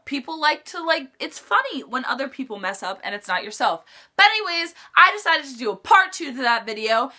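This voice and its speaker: A woman's voice: high voice, bright, forceful tone. A teenage girl vlogging in a chatty storytime style, full of "like" fillers. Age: teens. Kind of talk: casual storytime chat.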